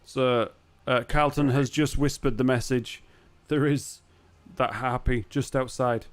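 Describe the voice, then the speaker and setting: A Northern English man runs a tabletop game as dungeon master, taking his time over each scene and pausing with fillers. His voice is smooth and clear. The sound is dry and close, with no room echo. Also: medium pitch, steady tone. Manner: unhurried, describes scenes with pauses and fillers.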